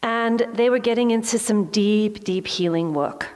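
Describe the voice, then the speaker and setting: Animated woman speaker in a reverberant hall. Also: medium pitch, a little slow. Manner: animated, acts out her own reactions in the story. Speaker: motivational speaker. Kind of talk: storytelling talk to a live audience. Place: large hall with an audience.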